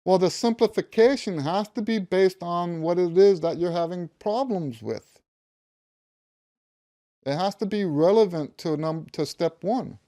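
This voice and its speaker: Speaking at a measured pace in a high-sitting, mellow voice, this fifties-aged music teacher instructs to camera on a practice method. He stresses and repeats key words and hums the notes as he goes.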